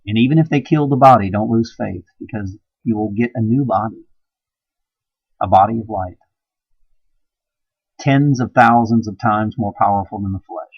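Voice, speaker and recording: A man giving an impassioned, preachy monologue, swinging between hushed and loud emphasis. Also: lowish voice, normal speed, gravelly, pauses often, husky, no room sound, dull audio. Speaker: video blogger.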